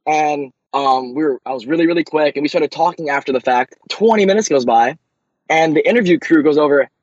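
Fast-talking young man telling racing stories. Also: on the high side, darkish tone, no echo, lo-fi sound. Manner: fast, eager storytelling with many restarts. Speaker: young racing driver, guest. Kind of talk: casual interview answers.

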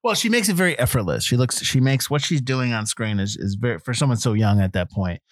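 A man in casual movie chat with a very lively, swooping pitch that shoots up when he rants. The sound is close and dry, with no room around it. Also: fast, dry recording. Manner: animated, jumps to high-pitched disbelief when ranting. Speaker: movie podcast co-host.

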